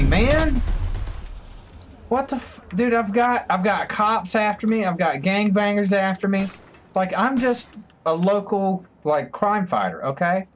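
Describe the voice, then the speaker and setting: A male streamer riffing through live gameplay commentary, excitable and full of jokes. His voice sits slightly high and swings widely in pitch as he talks. There is a faint hiss behind him. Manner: excitable, joking, chatty.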